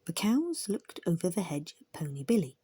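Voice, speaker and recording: A woman narrating a classic storybook in a soft, hushed reading. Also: lowish voice, big pitch swings, moderate pace, breathy edge. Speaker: audiobook reader.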